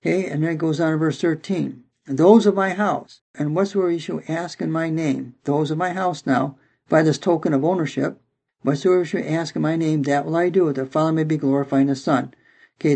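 A man's voice: fairly high pitch, creaky, dark tone, slightly rough, poor audio. A man teaching a sermon, reading Bible verses aloud and explaining them, often dropping in "okay" between phrases. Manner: reads scripture aloud and comments, repeating "okay". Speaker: preacher.

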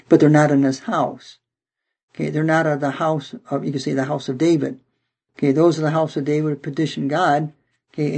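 A man's voice: on the high side, vocal fry, warm tone, husky, rough recording. A man teaching a sermon, reading Bible verses aloud and explaining them, often dropping in "okay" between phrases. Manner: reads scripture aloud and comments, repeating "okay". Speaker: preacher.

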